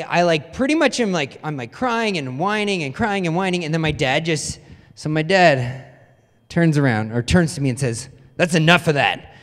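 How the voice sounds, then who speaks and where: Young-adult ministry pastor, male, higher-pitched voice, loose and self-mocking storytelling, long hall reverb. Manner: chatty, self-deprecating storytelling with many "like"s. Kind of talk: casual conversational sermon. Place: church hall.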